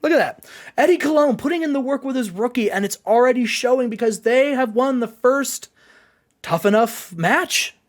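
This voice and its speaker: High-voiced man narrating a game. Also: moderate pace. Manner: rambling, chatty, laughs often, frequent fillers. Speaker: let's play host.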